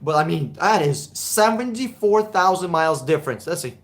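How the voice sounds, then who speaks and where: Male livestream host, fairly high voice; blunt, off-the-cuff delivery with some swearing. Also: lively intonation, moderate pace. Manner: blunt, casual, swears, repeats words when thinking. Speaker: livestream host answering car questions. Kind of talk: casual live Q&A chat.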